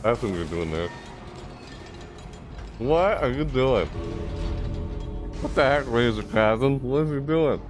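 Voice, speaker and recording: A man's voice: mid-range voice, lively intonation, takes it slowly, pauses often, over music. A man giving chatty, casual commentary while playing a video game, reacting aloud and talking to himself. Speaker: gaming YouTuber.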